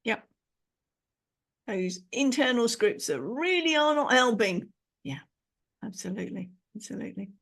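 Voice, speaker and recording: Give me a British woman podcast host with a creaky voice, encouraging and expressive. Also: fairly high pitch, a little slow, pauses often. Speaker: podcast host and speaking coach. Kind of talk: conversational interview.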